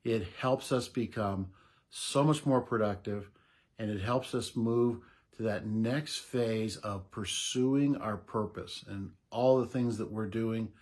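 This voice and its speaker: Slow, breathy middle-aged man coaching. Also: fairly low pitch. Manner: unhurried, explanatory, with soft laughs. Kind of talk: casual advice talk to camera.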